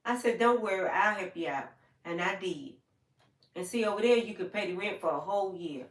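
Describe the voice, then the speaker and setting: An older woman talks to her livestream viewers, telling her own story in a heartfelt, plain-spoken way and often repeating herself. Her voice sits at an ordinary middle pitch. It sounds set back from the microphone, in a room with a noticeable echo. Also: animated, fairly quick, recorded from a distance. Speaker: livestream host. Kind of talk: emotional personal storytelling on a livestream. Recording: echoey room, voice away from the mic.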